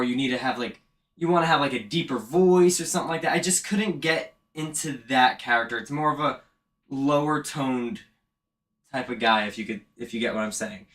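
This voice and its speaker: A man who vlogs and works as a haunt actor chats casually about haunt acting while setting up an animatronic indoors, rambling a bit in a self-aware way. His voice is fairly high-pitched and fairly bright.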